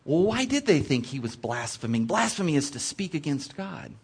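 A man preaching a sermon, reading scripture and explaining it with expressive storytelling asides. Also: on the high side, normal speed, gravelly, breathy edge. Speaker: preacher in children's ministry. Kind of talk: sermon teaching from Bible text.

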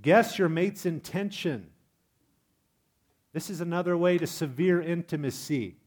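A man preaching a sermon in a lively, humorous way, asking his congregation questions. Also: fairly high pitch, normal speed. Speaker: pastor.

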